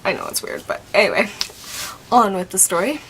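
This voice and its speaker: A woman's voice: mid-range voice, lively intonation, fairly quick, fairly bright tone, slight background noise. A young woman telling a story in a casual, chatty way. She laughs often and acts out what other people said.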